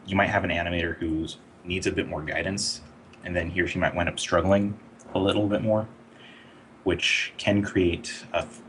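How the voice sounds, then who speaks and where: A man working as an animator, answering questions in a casual online interview in a relaxed, explanatory way with many fillers. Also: deep voice, a little hiss or hum.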